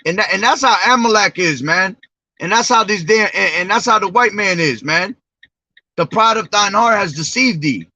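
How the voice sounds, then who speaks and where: A man's voice: high-pitched, pushed and bright, no echo. A man preaching informally, reading scripture aloud between profane, slangy, emphatic remarks. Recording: dull lo-fi dry recording.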